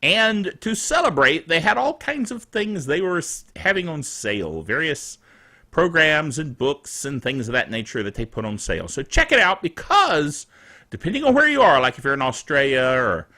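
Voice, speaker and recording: A man's voice: a little high, normal speed. A man hosting a casual tech news show, reading the week's stories with jokey asides and chuckling at himself. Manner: animated, jokey, chuckles at his own asides.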